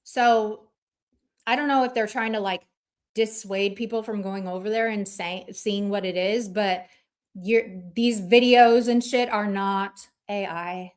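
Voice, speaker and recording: A woman's voice: mid-range voice, fairly even intonation, unhurried. A woman hosting a livestream, ranting in casual chat in a blunt, profane and combative way. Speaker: livestream host.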